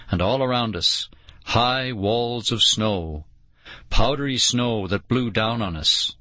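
A man narrating an audiobook in a slow, dramatic storytelling manner. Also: on the low side, sharp tone, dry recording.

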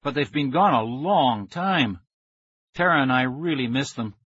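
A man narrating a children's story in the first person with steady storytelling. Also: medium pitch, unhurried, breathy edge, no echo, highs cut off. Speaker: audiobook narrator.

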